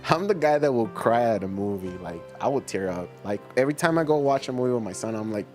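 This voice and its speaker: A middle-aged livestream host reads viewer comments in casual, slangy chat, laughing frequently and staying laid-back. His mid-range voice is fast with lively intonation, and faint music plays behind him.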